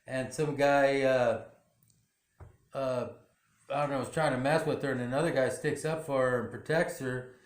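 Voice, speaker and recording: A man's voice: medium pitch, steady tone, moderate pace, long pauses. A man casually recapping a TV drama episode in a rambling way, full of "you know" fillers. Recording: roomy echo.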